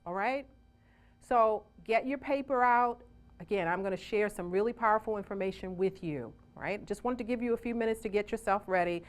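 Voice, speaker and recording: Casting note: upbeat woman seminar coach with a somewhat high voice, rallying a live room. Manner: energetic, calls on the audience to respond. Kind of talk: motivational seminar talk.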